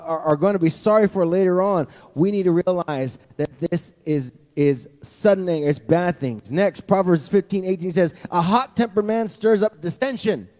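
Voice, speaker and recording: A man preaching a sermon, animated, with playful asides to the congregation. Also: high voice, big-room sound. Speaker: pastor.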